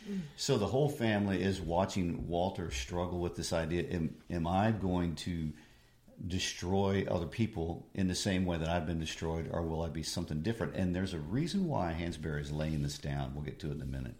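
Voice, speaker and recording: A man teaching literature, explaining a play in a measured way. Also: low voice, darkish tone. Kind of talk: discussion of a play. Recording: echoey room.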